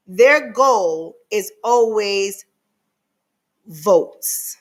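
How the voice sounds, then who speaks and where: Woman commentator, higher voice, sarcastic sermon-like delivery to her viewers. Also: lively intonation, normal speed. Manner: sarcastic, preachy, repeats "right?" to the audience. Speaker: commentator and relationship coach. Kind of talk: livestream commentary.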